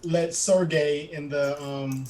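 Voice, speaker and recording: Male player, a bit high-pitched, halting casual talk, faint clicks behind. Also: steady tone, a little mellow, a little hiss or hum. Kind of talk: casual tabletop play chat.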